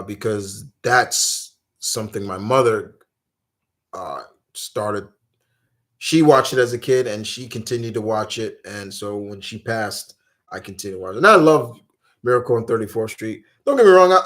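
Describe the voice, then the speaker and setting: Rambling man chatting on a live Q&A. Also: medium pitch. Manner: rambling and animated, with many fillers and restarts. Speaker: host. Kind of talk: casual live Q&A chat.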